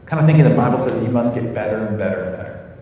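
American pastor preaching in an echoey hall. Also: male voice, lowish voice, expressive, racing, dark tone, distant mic, slight background noise. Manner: earnest, repeats words while searching for phrasing. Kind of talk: sermon.

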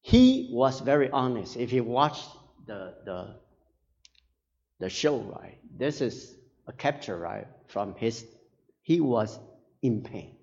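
A male pastor preaching a sermon in a halting, earnest way, often tagging his phrases with a questioning "right?". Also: medium pitch, very animated, creaky, a little mellow. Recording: dull sound with long hall reverb.

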